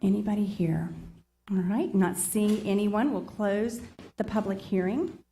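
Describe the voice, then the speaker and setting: A woman's voice: mid-range voice, unhurried, warm tone, slight background noise. A woman chairing a public meeting. She reads long lists of agenda numbers and apologizes often.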